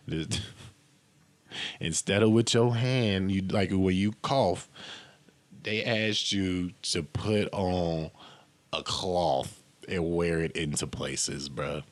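Low-voiced laughing podcast host, man. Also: slow, pauses often. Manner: incredulous, mocking, laughs often, profane; repeats questions, rising to high exclamations. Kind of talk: comedic rant monologue. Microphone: camera and mic at home.

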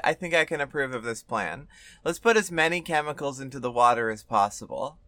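Bright-voiced co-host, playful mock outrage, teasing podcast banter. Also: mid-range voice, expressive, fairly quick, no room sound.

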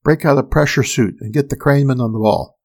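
A man's voice: medium pitch, quick pace, darkish tone, lightly acted. A man voicing an old, badly injured spaceship engineer who speaks in a strained, dry, pained way.

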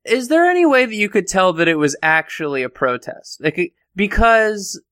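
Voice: mid-range voice, big pitch swings, moderate pace, fairly bright tone, no room sound. A podcast co-host in casual chat, teasing with dry jokes.

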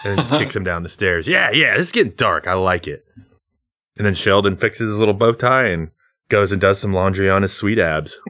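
A young man with a low-pitched voice, talking in a loose, joking way. He riffs on absurd ideas in casual comedic chat. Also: lively intonation, moderate pace, pushed and bright. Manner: jokey, riffing on absurd ideas.

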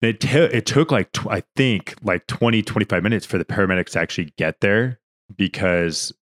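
A man's voice: fairly low pitch, fairly quick, a bit bright. A young man on a podcast, earnestly recounting a story in a rambling, emotional way with many restarts, near tears. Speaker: podcast co-host. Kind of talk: casual podcast conversation.

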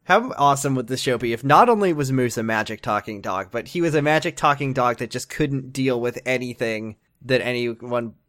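A man chatting on a podcast in an easy, mid-pitched voice. He slips dry jokes into the recap. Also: moderate pace, hardly any pauses, fairly bright tone. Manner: dry, joking. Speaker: podcast co-host. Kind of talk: casual recap chat.

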